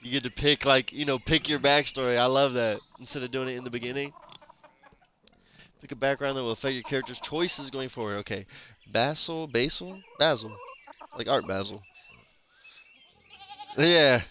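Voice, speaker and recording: A man's voice: mid-range voice, normal speed, long pauses, sharp tone. A man giving loose, casual gameplay commentary, laughing often and swearing freely. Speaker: gameplay streamer. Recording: noisy background under the voice.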